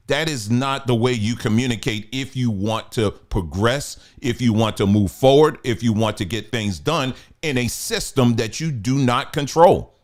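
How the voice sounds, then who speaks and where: A man hosting a commentary channel, talking earnestly and repetitively, checking that his listeners follow along. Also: medium pitch. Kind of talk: conversational commentary monologue.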